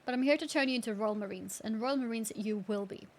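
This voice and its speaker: A woman reading out the lines of a gruff male marine drill sergeant who barks insulting orders. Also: a little high, quick pace, lightly acted.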